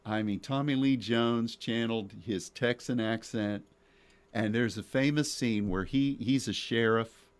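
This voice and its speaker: A man's voice: medium pitch, unhurried, clean tone. A man hosting Christian radio talk, preaching emphatically with rhetorical questions and repeated words.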